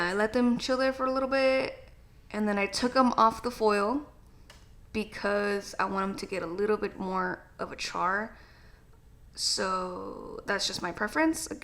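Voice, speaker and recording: A woman's voice: medium pitch, creaky, fairly bright tone. A woman hosting her own cooking vlog outdoors in a backyard, talking in a rambling, chatty way and swearing casually. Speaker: cooking channel host.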